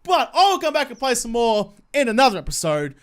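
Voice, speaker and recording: A man's voice: very high-pitched, very animated, brisk. A man giving casual, swear-filled commentary during a horror game playthrough, with jumpy, nervous reactions. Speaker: let's play gamer.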